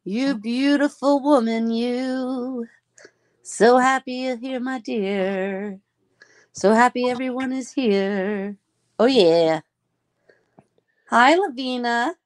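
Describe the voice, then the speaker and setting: A woman hosts a casual live stream, warmly greeting each viewer by name in an affectionate, gushing way. Her voice sits a little high and her talk is slow and drawn out. She sounds easygoing and unhurried. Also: smooth.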